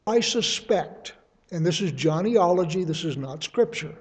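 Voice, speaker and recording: A man's voice: high-pitched, expressive, a little slow, a little mellow, slightly rough. A man giving a conversational sermon, explaining scripture verse by verse with everyday examples. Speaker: Bible teacher.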